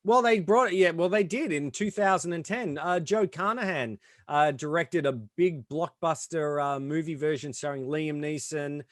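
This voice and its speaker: Male podcast co-host, hesitant and halting, lots of fillers, slightly high voice, dry sound. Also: dry recording. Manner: hesitant, filler-heavy, agreeable. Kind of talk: casual chat.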